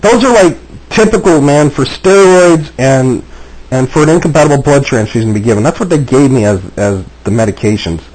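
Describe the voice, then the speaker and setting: A man's voice: medium pitch, lively intonation, a little fast, darkish tone, rough recording. A man talking agitatedly to camera, repeating himself and restarting often. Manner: agitated, repetitive, frequent restarts. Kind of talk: agitated personal video monologue.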